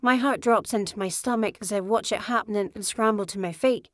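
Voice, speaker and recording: A woman narrates a first-person audiobook with steady storytelling. Her voice sits at a middling height, and the recording is dry and close. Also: medium pitch, a little fast, dry recording.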